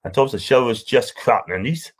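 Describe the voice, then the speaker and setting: A man's voice: medium pitch, lively intonation, brisk, breathy edge. A man with a broad North East English accent hosting a live stream, chatting casually and reading out viewer comments in a rambling, affectionate way. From North East England. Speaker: livestream host.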